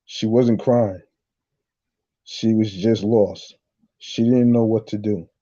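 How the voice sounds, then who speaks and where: A man hosting a casual solo podcast, reading news aloud haltingly, repeating words and adding his own reactions. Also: lowish voice, steady tone, warm tone, dull audio. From New York. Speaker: podcast host.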